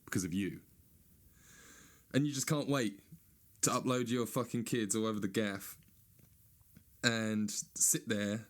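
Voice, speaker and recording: A man with a fairly low voice, ranting in a stand-up monologue. He swears freely and sounds sarcastic, and now and then he mocks other people in a high whiny voice. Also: fairly even intonation, normal speed, pauses often.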